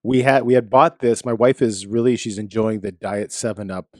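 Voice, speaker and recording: A middle-aged Canadian man co-hosting a casual chat show, animated and laughing often, with sudden high exclamations. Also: moderate pace, no room sound, studio quality. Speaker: podcast co-host. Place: home basement.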